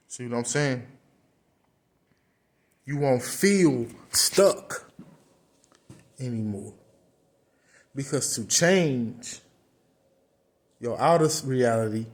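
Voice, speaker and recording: A man gives a casual motivational talk, earnest and repetitive, restarting phrases as he goes. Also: medium pitch. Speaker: motivational speaker.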